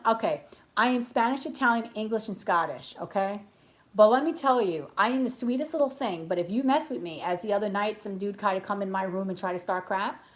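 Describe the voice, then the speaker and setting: A woman tarot reader chatting casually between readings, rambling off on tangents and telling stories bluntly. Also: mid-range voice. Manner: chatty and animated storytelling, blunt. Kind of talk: casual chat during a live reading.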